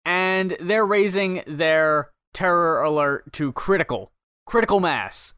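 A man's voice: on the high side, slow pace, pushed and bright, clear, resonant tone, no echo, studio quality. A man co-hosting a podcast, chatting casually with a sarcastic, analytical edge. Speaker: podcast co-host. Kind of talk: casual chat.

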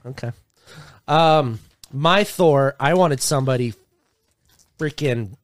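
A man's voice: medium pitch, slow pace, no room sound, studio quality. A man co-hosting a podcast in casual banter, joking, laughing often and swearing casually. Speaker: podcast co-host.

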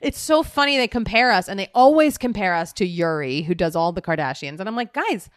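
A woman in her thirties co-hosting a podcast in casual chat, animated, laughing a lot and swearing freely. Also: mid-range voice, a little fast, dry recording, studio quality. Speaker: podcast co-host.

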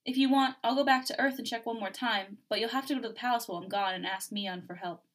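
A woman reading a fan fiction story aloud on a podcast, giving the characters' lines a lively, acted lilt. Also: fairly high pitch, fast talker, few pauses. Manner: lively, acts out dialogue, laughs often.

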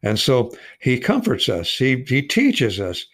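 A man's voice: medium pitch, wildly swooping pitch, slow, fairly bright tone. A man in his eighties teaching an informal Bible study, earnest and rambling, stretching out key words of Scripture for emphasis. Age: 80s. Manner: rambling with restarts and repeated words.

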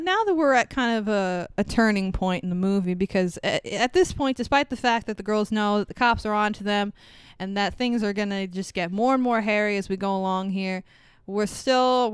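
A woman's voice: mid-range voice, smooth, dry recording, clean studio sound. A woman co-hosting a podcast, recapping a movie in casual chat, swearing freely and laughing often. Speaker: podcast co-host.

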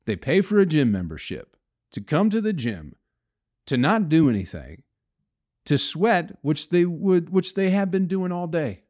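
A man's voice: a little high, big pitch swings, a little slow, darkish tone. A man hosting his own podcast, rambling and ranting with heavy swearing and frequent restarts. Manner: profane, ranting, full of restarts. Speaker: podcast host. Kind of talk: solo rambling podcast rant.

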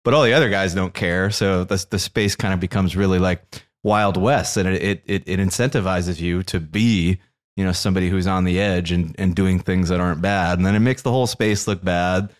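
A man's voice: deep voice, fairly even intonation, brisk. A man co-hosting a casual podcast as the crypto expert, ranting with many stammered restarts.

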